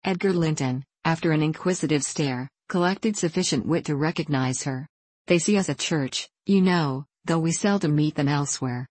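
Low-voiced woman reading a classic novel. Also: a little mellow, no room sound, poor audio. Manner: measured storytelling reading. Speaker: audiobook narrator. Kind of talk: scripted narration.

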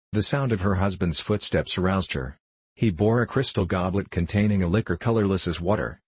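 A man narrating classic fiction in a measured, formal audiobook reading. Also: low-pitched, husky, no echo.

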